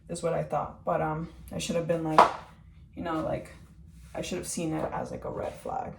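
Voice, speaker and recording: Young woman rambling through her story, lots of likes and ums, kinda low gravelly voice, far from the mic. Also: fairly even intonation, brisk, darkish tone, slight background noise. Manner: rambling, heavy use of "like" and "um". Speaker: vlogger. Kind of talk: personal testimony. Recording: echoey room from far off.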